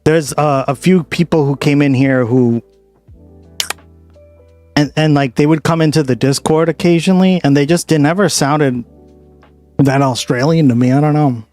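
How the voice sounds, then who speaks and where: A man's voice: on the high side, moderate pace, long pauses, a little mellow, faint music behind. A man hosting a stream, chatting casually and reacting to his viewers. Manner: laid-back, reacting to chat. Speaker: streamer host.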